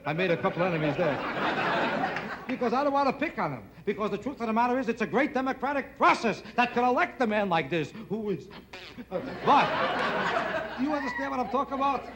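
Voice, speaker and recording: A man doing stand-up with a heavy New York Yiddish-inflected accent and a deadpan, complaining delivery. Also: very high-pitched, fairly quick. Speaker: stand-up comedian. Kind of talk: stand-up comedy set. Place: television studio stage. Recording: loud audience laughter, noisy stage.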